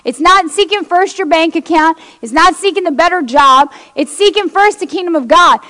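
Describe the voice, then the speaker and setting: A woman's voice: very high voice, normal speed, sharp tone, in a large hall. A woman preacher giving an impassioned sermon, reading scripture aloud and speaking straight to her congregation in a church.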